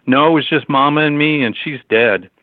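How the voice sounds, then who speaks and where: A man's voice: a little high, moderate pace, no echo, pitched above the performer's own voice, lightly acted. A man voicing a huge, sheltered young man who talks nervously and hesitantly, in a storybook reading over a tinny phone-like line.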